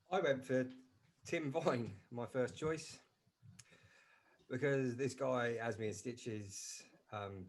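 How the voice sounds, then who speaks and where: A man's voice: medium pitch, takes it slowly, pauses often, slight background noise. A man co-hosting a podcast, chatting casually and trailing off as he searches for words. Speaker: podcast co-host. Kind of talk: casual chat.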